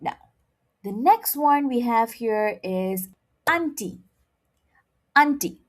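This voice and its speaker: A woman's voice: fairly high pitch, expressive, takes it slowly, long pauses. A woman teaching a playful beginner Mandarin lesson and drilling words by repeating them. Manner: upbeat, drills words with rising repetition.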